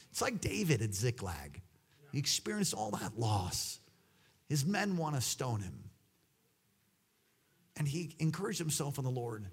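A man preaching a sermon, swinging between loud exclamations and hushed asides. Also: on the high side, huge pitch swings, a little slow, long pauses, husky.

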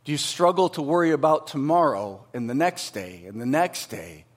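A middle-aged male pastor preaching a sermon, swinging from loud, emphatic lines to hushed, quiet asides. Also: a little high, lively intonation, normal speed.

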